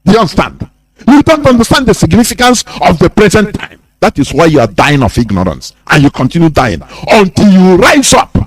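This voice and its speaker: A Nigerian man hosting a radio broadcast, talking in a fiery, preaching way that bursts into shouting. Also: sits high, very animated, brisk, breathy edge, poor audio. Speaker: radio host. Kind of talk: impassioned broadcast talk.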